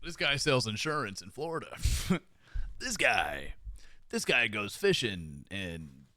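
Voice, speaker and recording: A man's voice: on the low side, very animated, slow pace, sharp tone, no room sound. A man with a Southern US twang chatting casually with his stream viewers, swearing and laughing often.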